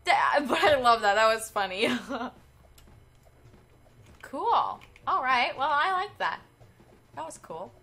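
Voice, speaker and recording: Giggly high-voiced young woman gaming. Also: slow pace, long pauses. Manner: excitable, giggly, squealing. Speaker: game streamer. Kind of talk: casual gameplay commentary. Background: faint game music.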